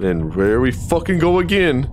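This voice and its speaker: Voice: medium pitch, very animated, moderate pace, background noise. A streamer giving live commentary on a horror game, swearing often, thinking aloud and jumping at scares.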